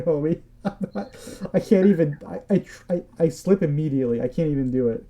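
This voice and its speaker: A man's voice: fairly high pitch, lively intonation, brisk, mellow. A man co-hosting a casual livestream chat, joking and teasing in a loose, rambling way. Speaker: podcast co-host.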